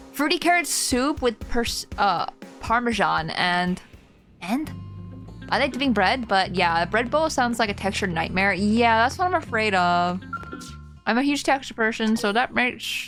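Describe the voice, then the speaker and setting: A young woman streaming a video game, chatting casually with her viewers, excitable and giggly as she reacts to what happens on screen. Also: medium pitch. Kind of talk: casual gameplay commentary.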